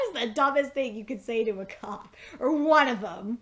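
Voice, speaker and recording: A young woman recapping a TV episode in a casual, excitable way, laughing often, swearing and filling gaps with um and uh. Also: high voice, normal speed, a little hiss or hum. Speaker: episode reviewer.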